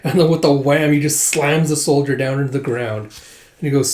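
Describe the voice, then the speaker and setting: A man with a mellow, dark voice talks his way through a manga volume. He reads the characters' lines aloud with sudden jumps in energy, filling the gaps with lots of "like" and "uh". The sound has a roomy echo around it. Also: medium pitch, normal speed. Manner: animated, voices characters in bursts, many fillers. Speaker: manga reader. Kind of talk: casual manga readthrough, reading lines aloud.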